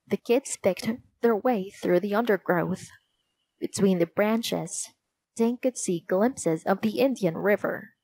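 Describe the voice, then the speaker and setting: A woman narrating a children's storybook in a gentle, measured reading voice. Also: medium pitch, no room sound.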